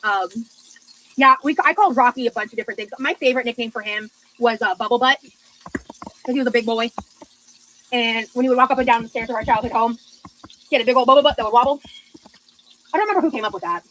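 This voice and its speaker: A woman's voice: on the high side, quick pace, pauses often, a bit bright, rough recording. A young adult woman chatting casually on a livestream, gushing over viewers' comments with lots of fillers. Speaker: livestreamer reading chat. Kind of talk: casual livestream chat while cooking.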